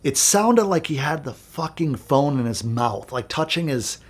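A man's voice: a little high, animated, a little slow. A man who produces music, telling a candid, profane, rambling story to camera in a casual vlog. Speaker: music producer and video host.

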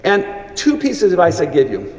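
A middle-aged commencement speaker's high, darkish voice swoops wildly in pitch as he talks fairly quickly. His earnest storytelling is full of restarts, and emotion briefly chokes him up. The recording carries the reverberant echo of a large hall.

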